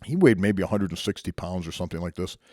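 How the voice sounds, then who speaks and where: A man's voice: deep voice, lively intonation, quick pace, a little mellow, no echo, clean studio sound. A man telling a personal martial arts story as a motivational talk, conversational and reflective with frequent restarts.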